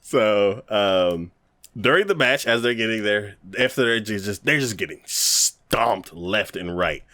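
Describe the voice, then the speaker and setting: A man's voice: lowish voice, unhurried, no room sound. A man co-hosting a casual podcast, retelling an episode in a loose, rambling way. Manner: animated plot retelling full of acted-out quotes; loose and rambling with many fillers and restarts. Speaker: podcast co-host.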